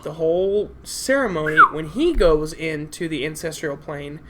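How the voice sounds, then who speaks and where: A man co-hosting a casual movie review chat, eager and halting, restarting his sentences often. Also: fairly high pitch, expressive, very noisy. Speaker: podcast co-host.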